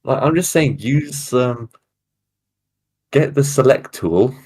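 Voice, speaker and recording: A British man chatting casually on a call, halting and full of fillers as he gives drawing tips. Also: mid-range voice, expressive, a little mellow, slightly rough. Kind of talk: casual chat.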